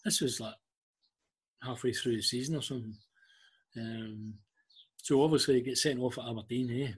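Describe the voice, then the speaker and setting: Older Scottish man telling anecdotes, husky. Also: mid-range voice, fairly even intonation, moderate pace. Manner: anecdotal, acts out quoted dialogue. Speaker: guest, former club liaison officer. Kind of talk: casual storytelling interview.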